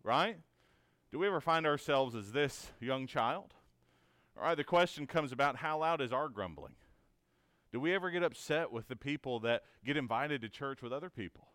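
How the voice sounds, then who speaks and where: A man's voice: mid-range voice, lively intonation, normal speed, a bit bright, no room sound. A man teaching a conversational Bible lesson in an earnest, encouraging way, asking many rhetorical questions and often checking in with "right?".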